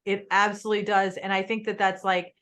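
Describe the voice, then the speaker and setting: A woman's voice: mid-range voice, flat delivery, brisk, a bit bright. A woman podcast host talking casually in an interview, chatty and free with swear words.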